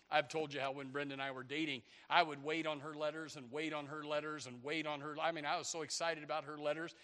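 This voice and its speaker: A man preaching a sermon in a church, rambling and excitable, with many restarts and sudden shouted bursts. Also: on the high side, quick pace. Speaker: pastor. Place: church sanctuary. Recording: long hall reverb.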